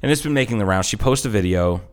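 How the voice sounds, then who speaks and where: A middle-aged man trading jokes on a podcast in an irreverent, meandering way. His voice is lowish and smooth. He restarts his sentences often as he tells a story. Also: expressive, quick pace. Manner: irreverent, joking, trails off and restarts. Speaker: podcast co-host. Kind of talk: casual chat.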